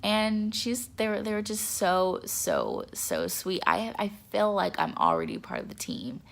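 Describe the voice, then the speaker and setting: A young woman talks casually to her camera, excitable and repeating herself for emphasis. Her nose is stuffed up, and her voice crackles with heavy vocal fry. Her pitch leaps around animatedly. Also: a little slow. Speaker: vlogger.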